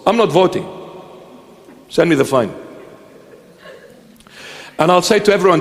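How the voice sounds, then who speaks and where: High-voiced man preaching in echoey hall. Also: animated, moderate pace, pauses often. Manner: emphatic, repetitive rhetorical questions. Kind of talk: sermon.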